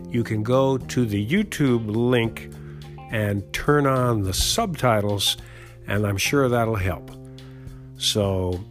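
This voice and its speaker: American guy teaching english expressions, chatty, takes his time. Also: medium pitch. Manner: friendly, chatty, explains slowly with examples. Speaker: English teacher podcast host. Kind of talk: casual English lesson.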